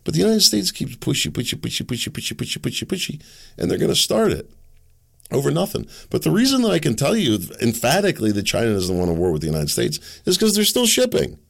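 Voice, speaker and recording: A man's voice: a little high, huge pitch swings, fast, vocal fry. A middle-aged man hosting an opinion monologue, ranting sarcastically and laughing scornfully at his targets. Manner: ranting, sarcastic, mocking asides. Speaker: political commentary host.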